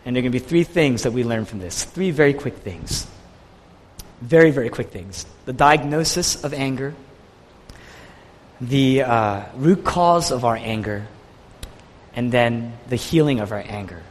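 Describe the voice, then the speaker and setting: A man's voice: mid-range voice, animated, unhurried, pauses often, a little hiss or hum. A man preaching a sermon with emphasis, repeating key phrases for weight. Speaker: pastor. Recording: long reverb of a large hall.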